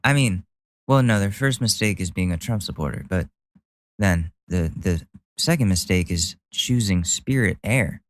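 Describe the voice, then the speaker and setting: A man's voice: low voice, animated, normal speed. A man hosting a podcast, commenting on a clip in a sarcastic, mocking way. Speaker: podcast host.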